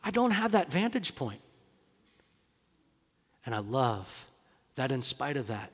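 A man's voice: fairly high pitch, sing-song, moderate pace, pauses often. Middle-aged male preacher in a reverberant hall. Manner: conversational preaching with rhetorical questions, swinging from emphatic to hushed. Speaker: pastor. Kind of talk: sermon. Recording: long reverb of a large hall.

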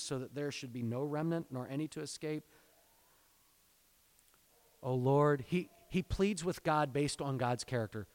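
A man preaching a sermon, reading scripture aloud and explaining it in earnest, exhorting tones, swelling into fervent pleading and then dropping low. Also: moderate pace. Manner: earnest, exhorting, addresses parents directly. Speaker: pastor.

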